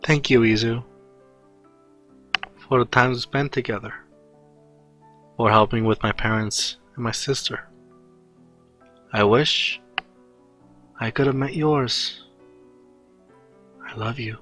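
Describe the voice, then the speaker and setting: A man voicing a soft, loving young girl. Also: mid-range voice, fairly even intonation, takes it slowly, long pauses, faint music behind. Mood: tender. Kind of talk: fan story reading.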